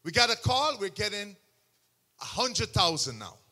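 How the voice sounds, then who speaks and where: A man preaching a sermon testimony, telling the story with animation, bursting into shouts and acting out what others said. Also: sits high, big pitch swings, normal speed. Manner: acts out other people's words in quotes.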